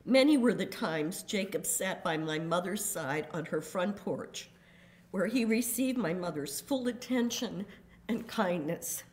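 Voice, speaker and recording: An older woman reading a prepared statement in a courtroom, grave and deliberate, with measured emphasis on each word. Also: lowish voice, lively intonation, a little mellow. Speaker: victim's daughter giving a statement.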